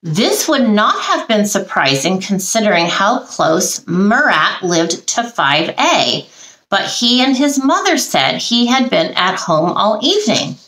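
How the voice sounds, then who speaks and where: A woman's voice: medium pitch, big pitch swings, a bit bright. A woman working as a psychic medium, reading case notes aloud and musing on them between frequent ums. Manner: halting, frequent ums, reads then muses aloud. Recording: roomy echo.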